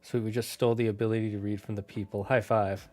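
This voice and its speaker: A man streaming live, thinking out loud and answering chat in a casual, rambling way. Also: on the low side, level tone, background noise. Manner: musing aloud, thinks out loud with quick asides. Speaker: streamer running a worldbuilding chat.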